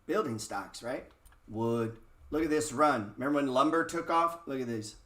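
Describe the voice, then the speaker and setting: A man's voice: medium pitch, normal speed, sharp tone. A man giving a casual, blunt market lesson over a screen share, swearing often and firing rhetorical questions at viewers. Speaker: trading educator. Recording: roomy echo.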